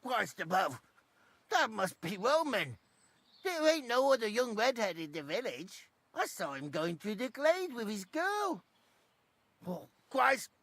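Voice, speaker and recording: Rough rustic hog herder. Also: male voice, sits high, big pitch swings, a little slow, a bit bright, no echo, full character voice. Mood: shocked. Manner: rustic dialect, swears bluntly. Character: rough village hog herder, blunt and superstitious.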